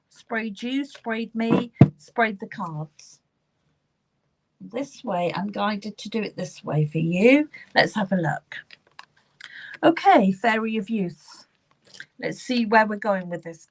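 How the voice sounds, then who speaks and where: A woman medium with a British accent, giving live card readings in a reassuring, repetitive way, often repeating the client's name. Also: mid-range voice. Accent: British English. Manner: warm, reassuring, repeats names and phrases while drawing cards.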